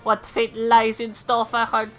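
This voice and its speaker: A woman's voice: fairly high pitch, monotone, measured pace, pitched above the performer's own voice, natural voice. A woman voicing a grand theatrical stage narrator, declaiming in a big dramatic way.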